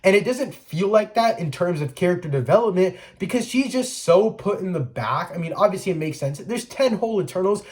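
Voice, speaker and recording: A man's voice: high voice, expressive, fairly quick, hardly any pauses, darkish tone. A man giving a casual spoiler review, chatty and full of "like" and restarts. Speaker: movie reviewer.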